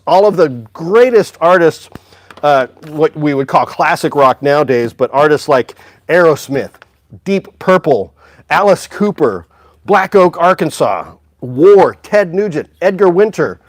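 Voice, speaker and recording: Man, casual livestream host, chatty, upbeat, slightly high voice, dry room. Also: expressive, a little slow, no echo. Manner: upbeat, chatty, talks to viewers by name. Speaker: music store livestream host. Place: indoor music store.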